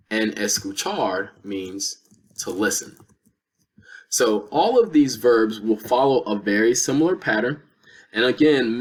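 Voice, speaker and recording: A man teaching a lesson, explaining step by step with patient repeated examples. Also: lowish voice. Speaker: Spanish teacher. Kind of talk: lesson explaining verb conjugation.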